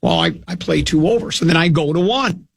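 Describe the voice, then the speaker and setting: Radio host guy with a high raspy gravelly voice, rambling casual chat, faint music under it. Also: huge pitch swings, brisk. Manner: rambling storytelling, self-mocking. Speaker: radio sports talk host. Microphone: studio microphone.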